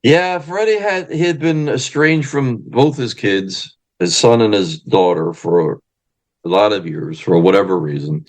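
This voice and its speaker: A man's voice: on the low side, a little slow. A man, a wrestling manager and historian, telling stories casually in an interview and acting out the people he quotes. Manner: animated storyteller acting out quoted voices loudly.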